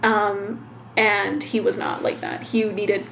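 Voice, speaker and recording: A woman's voice: mid-range voice, level tone, slow, gravelly, a bit bright. A woman co-hosting a podcast in casual chat, talking freely with many fillers and curse words. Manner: chatty, full of "like" and swearing. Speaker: podcast co-host. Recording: dull lo-fi sound with faint noise.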